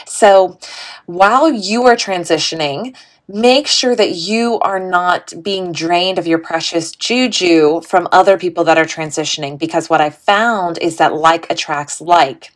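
A woman vlogger speaking in a slightly low voice, casual and heartfelt. She talks in an earnest, chatty way, often saying "like" and "um". Her tone stays encouraging and a little self-deprecating. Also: a little slow. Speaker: spiritual vlogger. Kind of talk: casual heartfelt talk to viewers.

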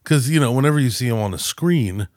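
A man's voice: medium pitch, animated, fast talker, a little mellow, no room sound, clean studio sound. A man co-hosting a podcast in crude, joking banter, acting out the people he quotes. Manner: profane, jokey, acts out quoted people. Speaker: podcast co-host.

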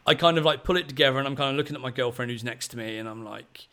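A man in his thirties, a podcast host telling a long story in a rambling, excitable way, full of fillers. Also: medium pitch, very fast. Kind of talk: casual storytelling chat.

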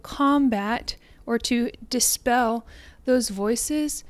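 A woman giving a reflective spiritual talk in a soft, earnest, meditative way, sometimes slowing and fading to near-whispers. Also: a little high, no echo. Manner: soft, slows down and trails off into near-whispers on repeated phrases. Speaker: spiritual podcaster.

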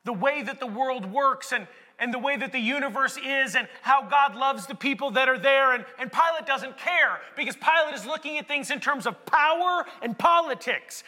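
High, bright-voiced male preacher. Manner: conversational, building to emphatic shouts. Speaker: pastor. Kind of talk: sermon. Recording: echoey hall with long reverb.

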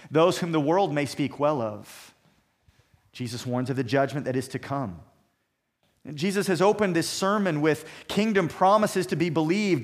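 A man preaching a sermon, emphatic and measured, building points through repeated phrases. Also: fairly high pitch. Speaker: pastor.

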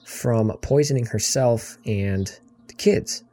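A man's voice: mid-range voice, slow pace, mellow. A man in a casual film discussion, laid-back and agreeable, adding details and trivia. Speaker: podcast co-host.

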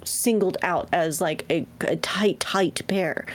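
Female podcast co-host, lowish voice, chatty and laughs easily. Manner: talkative, quick to laugh, many fillers. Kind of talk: casual chat.

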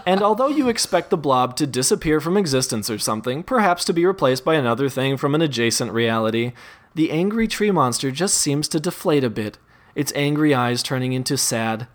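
Wry man narrating a choose-your-path story. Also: medium pitch. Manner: wry, deadpan, often laughing.

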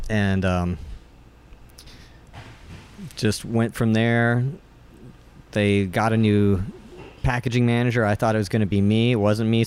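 A man's voice: lowish voice, a little mellow. A middle-aged man telling stories in casual conversation, rambling with many fillers and restarts. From West Virginia. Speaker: brewer and guest.

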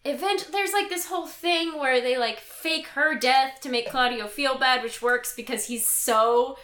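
A young woman hosting a podcast in casual chat, animated and laughing as she acts out lines from a play. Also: high-pitched, measured pace, reverberant. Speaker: podcast host.

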